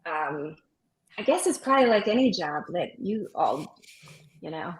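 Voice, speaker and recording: Fairly low in pitch and speaking at a measured pace, a middle-aged woman, an opera singer who also teaches music, chats as an interview guest. She's an animated storyteller who voices what the kids say. The audio is poor.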